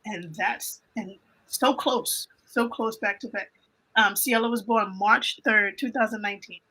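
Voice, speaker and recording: A woman telling an emotional personal faith story in a casual panel chat, animated and often repeating her phrases. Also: medium pitch, unhurried, low-quality recording. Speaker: guest on a livestream panel.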